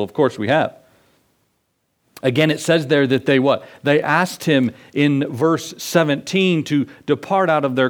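A male pastor delivers a sermon in a relaxed, conversational way, tossing out rhetorical questions to his listeners. His voice sits a little high for a man. He slows down and stretches out key words to stress them.

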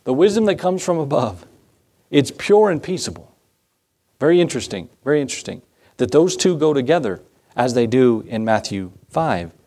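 A man preaches with a mid-range voice, reading verses in old-fashioned wording. He asks the listeners rhetorical questions, and his voice climbs when he stresses a point. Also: moderate pace. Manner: reads scripture in King James wording, rhetorical questions; animated, rising pitch when emphasizing. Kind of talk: sermon.

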